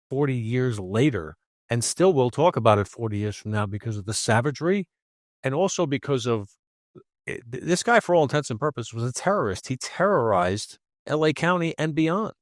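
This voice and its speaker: A man's voice: mid-range voice, no room sound, studio quality. A man co-hosting an interview, speaking in a reflective, earnest way. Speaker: co-host. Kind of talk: casual interview chat.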